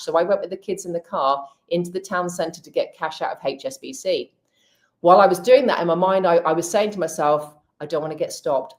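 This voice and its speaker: A woman guest, telling a personal story in casual chat, animated and expressive with quick restarts. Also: fairly low pitch. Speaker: guest speaker.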